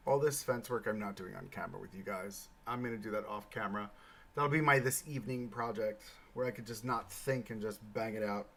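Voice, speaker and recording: Male livestream host, gravelly bright voice, unhurried chatty commentary while building. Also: lowish voice, slight background noise. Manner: thinks aloud, chatty, bursts of excitement. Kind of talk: casual live gameplay commentary.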